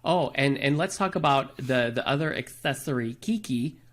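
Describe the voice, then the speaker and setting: A man's voice: medium pitch, lively intonation, moderate pace, fairly bright tone. A man co-hosting a podcast, chatting casually and gossiping about a reality show, often restarting his sentences. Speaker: podcast co-host. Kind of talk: casual chat reviewing reality TV.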